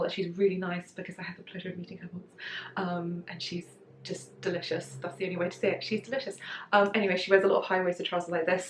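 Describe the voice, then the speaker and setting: A woman's voice: lowish voice, reverberant, slight background noise. A young British woman chatting casually about her handmade clothes at home, giggly, with lots of fillers and asides. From Britain. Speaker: sewing vlogger. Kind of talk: casual chat. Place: room at home.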